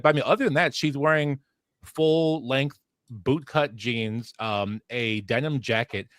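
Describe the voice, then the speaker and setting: A man's voice: mid-range voice, a bit bright, no echo. A man hosts a casual livestream, rambling and restarting his sentences with plenty of fillers. His mid-range voice is close and dry on a headset mic. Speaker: fill-in host.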